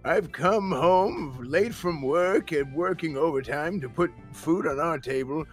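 A man's voice: fairly high pitch, unhurried, faint music behind, natural voice. A man playing a hot-tempered old husband who curses and rants. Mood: grumbling. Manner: cursing, ranting, yelling in bursts.

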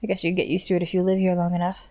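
A woman streamer plays a game, reading and translating its lines aloud and tossing in casual jokes with swearing, in relaxed let's play commentary. Her mellow voice is on the low side, monotone and very fast. Faint game music plays behind her.

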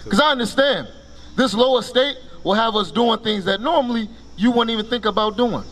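Extremely high-pitched and fairly quick, this man's bright voice preaches on the street. He orders each passage read with a brusque "Read," then explains it, peppering listeners with "right?" and rhetorical questions in a commanding manner.

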